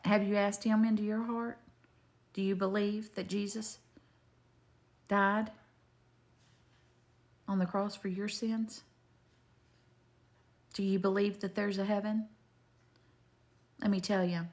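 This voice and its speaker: Older lady rambling about faith to her viewers, wanders off topic a lot, homey and chatty, pitch right in the middle. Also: flat delivery, slow pace, long pauses, a little mellow. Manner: chatty, digressive, homespun, talks straight to the viewer. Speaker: faith video maker. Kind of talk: rambling faith testimony to camera.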